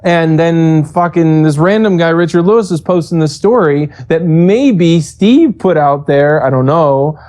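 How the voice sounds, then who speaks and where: Profane, animated man with a mellow voice. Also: on the high side, unhurried, hardly any pauses. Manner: profane, animated, acts out quoted exchanges. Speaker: esports coach. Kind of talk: casual storytelling interview.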